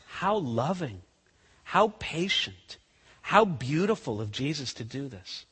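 A man's voice: fairly high pitch, big pitch swings, takes it slowly, a bit bright, breathy edge. A male pastor preaching a conversational sermon. He acts out scenes as he talks. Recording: long reverb of a large hall.

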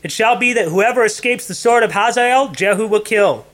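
A man preaching a sermon in a high, bright voice. He is earnest, dropping to a hush and then lifting into emphasis. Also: normal speed. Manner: earnest, shifts between hushed and emphatic.

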